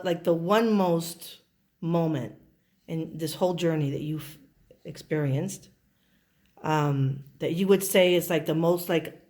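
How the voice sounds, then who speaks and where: A woman with a lowish voice moderates a question session for a group. She asks slowly and haltingly, pausing with fillers as she looks for the right words. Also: a little mellow.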